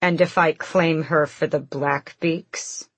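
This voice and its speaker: A woman's voice: deep voice, fairly even intonation, slow, breathy edge, no echo, heavily acted. A woman voicing a cold commanding witch. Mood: cool amused. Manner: clipped and commanding. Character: fierce commanding female witch, cold and amused.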